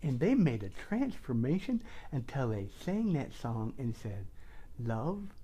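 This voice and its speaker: Woman, middle-aged, wellness host, chatty, rambling, lively swooping pitch, comic monologue. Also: measured pace, slightly rough. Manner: chatty, rambling, talks about herself in the third person.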